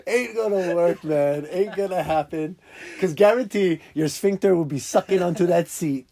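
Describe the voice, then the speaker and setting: A man's voice: high voice, normal speed, mellow. A man hosting a casual podcast, rambling and joking with frequent laughs. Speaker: podcast host.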